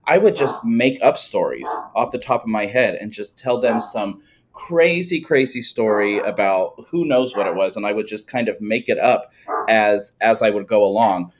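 A man's voice: lowish voice, normal speed, slight background noise. A man hosting a podcast from home. He is a former teacher and chats enthusiastically, agreeing often. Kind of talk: casual conversation. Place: at home with dogs nearby.

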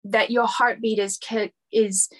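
Woman spiritual teacher, fairly high voice, slow and earnest lecturing with repeated phrases. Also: level tone. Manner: earnest, repetitive, building phrases.

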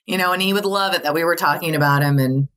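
Appearing as a podcast guest, a woman with a low, fairly bright voice talks fast as she shares personal stories candidly and earnestly. Her chatty speech is packed with "like" and "you know," and she frequently laughs.

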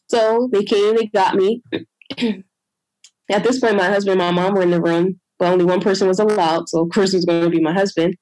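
A woman's voice: mid-range voice, steady tone, brisk, a little mellow, dry recording, low-quality recording. Woman, young adult, personal storytelling, emotional, dry recording. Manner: emotional, acts out others' lines in her retelling. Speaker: guest sharing a birth story.

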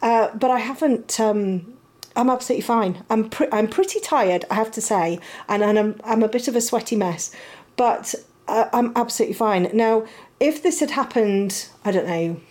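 A woman's voice: on the high side, moderate pace, darkish tone. A middle-aged woman, chatting casually and rambling at home as a podcast host, laughing often. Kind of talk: casual chat. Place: home, puppy nearby.

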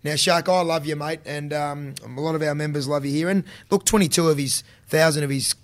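An Australian man hosts a running podcast in a friendly, joking manner. His voice sits a little high for a man, and the chat stays loose and casual throughout. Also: steady tone, fairly quick. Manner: matey, upbeat banter. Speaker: podcast host and running coach.

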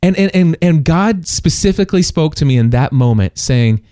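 A middle-aged man telling a personal story in casual chat, animated and full of restarts and quick laughs. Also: fairly high pitch, no room sound, clean studio sound.

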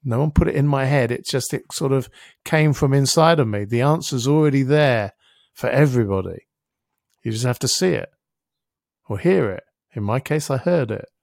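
A man's voice: medium pitch, expressive, normal speed, vocal fry, darkish tone, no echo, studio quality. A middle-aged man, a podcast guest, telling a personal story vividly and acting out his own inner voice, with casual swearing. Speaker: interview guest, helps people with their thinking. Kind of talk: reflective storytelling in a podcast conversation.

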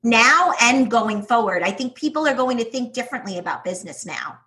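A woman with a New York accent speaks as an interview guest. Her voice sits high and sounds bright. She talks with enthusiasm and emphasis. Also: animated, a little fast. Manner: enthusiastic, emphatic, laughs often. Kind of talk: casual interview talk.

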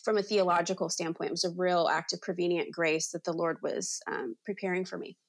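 Speaking a little fast in a steady, lowish voice, this woman tells a personal faith testimony during an interview. She's in her forties and leads a ministry, and her delivery is chatty and earnest, filled with "you know."

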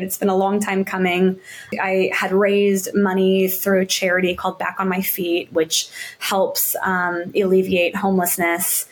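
Easygoing woman chatting as a podcast guest, upbeat, lots of ums and likes. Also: mid-range voice. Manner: relaxed and upbeat, many fillers. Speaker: podcast guest, marathon runner and yoga instructor. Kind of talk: casual interview chat.

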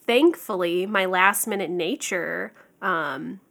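A woman's voice: on the low side, takes it slowly, creaky, a bit bright. A woman hosting her own coaching podcast, talking candidly and chattily with fillers and the odd "like". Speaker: podcast host and life coach. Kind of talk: podcast monologue.

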